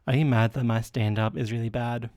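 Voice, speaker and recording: A man's voice: mid-range voice, steady tone, brisk, darkish tone, no echo, studio quality. A man hosting a solo comedy podcast, rambling and self-deprecating with lots of fillers and a stuffy nose. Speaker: podcast host.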